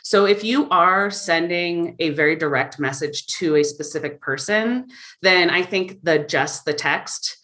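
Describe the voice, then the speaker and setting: A woman's voice: fairly low pitch, a little slow, a bit bright. A woman guest in a casual interview, explaining things thoughtfully with frequent fillers. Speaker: marketing guest.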